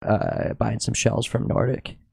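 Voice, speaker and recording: A man's voice: fairly low pitch, huge pitch swings, measured pace, vocal fry, a little mellow, slightly rough, no room sound, clean studio sound. A young man from Minnesota, a drummer guesting on a podcast, chatting casually and swearing often. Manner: laid-back, swears often, says yep a lot. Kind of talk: casual chat.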